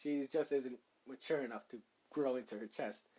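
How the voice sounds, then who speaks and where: A man voicing a calm, know-it-all guiding voice inside a hero's head, flat and matter-of-fact. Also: mid-range voice, moderate pace, breathy edge, pitched below the performer's own voice, close to an everyday voice. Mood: dry.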